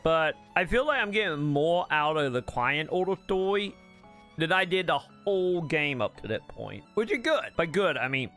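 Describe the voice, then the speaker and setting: A male gaming channel host rambles through a casual, blunt rant about a game's story, with faint music underneath. His voice is fairly high and a bit bright, with lively intonation and a moderate pace, full of filler words and restarts, and he swears when exasperated.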